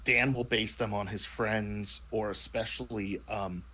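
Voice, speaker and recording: A man with a fairly low voice, chatting loosely about the game he plays in. He talks in a rambling way, breaking off and restarting sentences, with faint noise behind him. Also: steady tone, measured pace, pushed and bright, rough recording. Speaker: player in a tabletop role-playing show. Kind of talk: casual chat.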